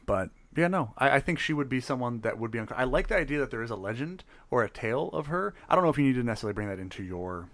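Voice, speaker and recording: A man's voice: mid-range voice, expressive, racing, hardly any pauses, fairly bright tone. A tipsy young man co-hosting a podcast, rambling in casual chat, laughing often and trailing off. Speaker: podcast co-host.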